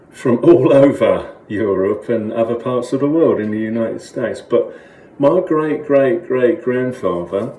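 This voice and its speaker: A man's voice: mid-range voice, a little mellow, reverberant, a little hiss or hum, voice pushed up, lightly acted, poor audio. A man voicing a chatty male carp with a Cockney East London accent, rambling through a comic monologue to camera. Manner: rambling, matey storyteller.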